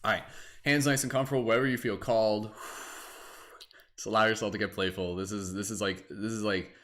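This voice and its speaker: Young canadian dude doing a live meditation stream, loose and chatty, laughs a lot, says like all the time. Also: male voice, fairly low pitch, fairly even intonation, fairly quick, a bit bright. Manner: giggly, loose, chatty with lots of fillers. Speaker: meditation host.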